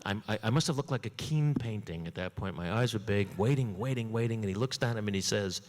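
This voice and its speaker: A man telling a comic story on stage in an animated way, jumping up in pitch for punchlines. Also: quick pace, hardly any pauses. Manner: animated, swoops high for punchlines. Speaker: comedian guest. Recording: long hall reverb.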